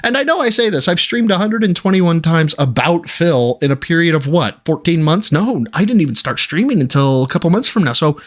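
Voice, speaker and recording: A man's voice: fairly high pitch, animated, moderate pace, few pauses. A man doing casual livestream commentary, sarcastic and profane, mocking the clip he reacts to. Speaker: streamer reacting to clips.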